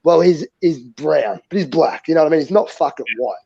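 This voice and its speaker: A man's voice: on the high side, lively intonation, fairly quick, gravelly, mellow, breathy edge. An Australian man co-hosting a casual podcast, blunt and profane, telling stories with quoted dialogue. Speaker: co-host. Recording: dull lo-fi audio.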